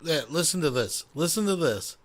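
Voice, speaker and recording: A man's voice: on the high side, animated, moderate pace. A man hosting a commentary show, scornful and sarcastic about a clip he plays. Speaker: commentary host. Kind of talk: mocking commentary.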